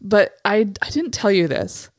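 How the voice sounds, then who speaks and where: A woman's voice: mid-range voice, sing-song, a little slow, dry recording, clean studio sound. A woman in her thirties co-hosting a podcast, chatty and supportive, with plenty of "like" and "um" fillers. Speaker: podcast co-host. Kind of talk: casual chat.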